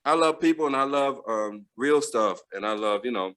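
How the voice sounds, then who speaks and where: A man's voice: medium pitch, expressive, moderate pace, fairly bright tone. A middle-aged man, chatting playfully as an interview guest, laughing often and using many fillers. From United States. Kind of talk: casual interview chat.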